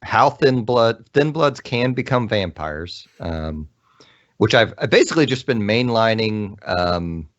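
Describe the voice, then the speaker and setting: Lower-voiced man, podcast co-host, thoughtful explainer, muffled audio. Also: animated, measured pace. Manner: thoughtful, hedging, explains with fillers. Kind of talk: casual podcast chat about games.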